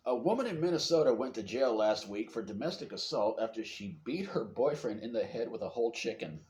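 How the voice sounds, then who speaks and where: A man's voice: medium pitch, expressive, a little fast. A man hosting a casual comedy news podcast, sarcastic and joking. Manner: sarcastic, joking, loud bursts of laughter. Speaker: podcast host. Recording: roomy echo, faint background hum.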